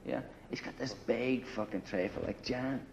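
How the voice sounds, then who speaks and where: Mid-range with vocal fry and a darkish tone, an older Irish man speaks at a moderate pace about his days as a paramilitary. He's blunt and casual, swearing often and leaning on "you know." Slight background noise comes through a slightly muffled recording.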